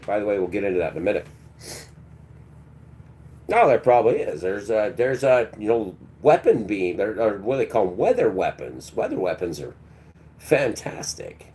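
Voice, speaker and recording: A man's voice: lowish voice, very animated, moderate pace, mellow. A man hosting a live stream who rambles in a crude, sarcastic rant with many restarts. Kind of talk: ranting live-stream talk.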